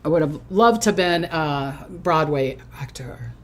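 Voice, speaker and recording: A woman's voice: sits low, expressive, unhurried. An older woman hosting a casual psychic livestream from her recliner at home, chatty and hyper, often giggling. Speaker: psychic host.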